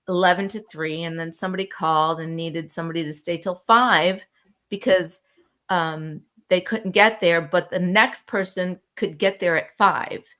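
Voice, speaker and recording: A woman's voice: fairly low pitch, pushed and bright. A middle-aged woman co-hosting with her child, telling a long rambling story in casual chat, swearing now and then. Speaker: co-host, mother of the host.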